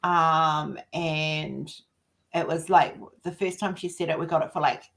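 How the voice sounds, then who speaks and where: A woman hosting a relaxed live chat. Her voice sits a little low, and she talks in loose, rambling stretches, slipping into the voices of people she is quoting. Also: a little slow, vocal fry. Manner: rambling and anecdotal, acts out what others said. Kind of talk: casual chat.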